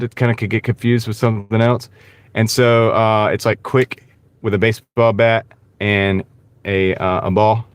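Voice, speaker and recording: A man hosting a casual live stream, talking in a halting, rambling way with many fillers and greeting viewers by name. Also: medium pitch, dry recording. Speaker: gig-driving livestream host. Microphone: wireless clip-on mic.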